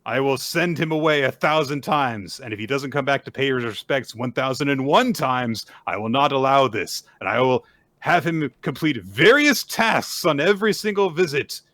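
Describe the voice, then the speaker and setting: A man voicing a proud, stern mother with a formal, measured manner in a comic manga recap. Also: medium pitch, expressive, a bit bright, no room sound, natural voice. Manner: grand, measured, pompous delivery.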